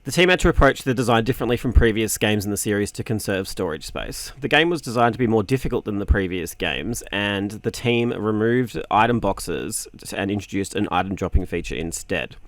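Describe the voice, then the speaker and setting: Low-voiced Australian man reading quiz clues. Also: expressive, fairly quick, hardly any pauses, no echo. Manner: reads clues with stumbles and laughs. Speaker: podcast host running a game-guessing quiz. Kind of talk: casual podcast banter, reading clues aloud.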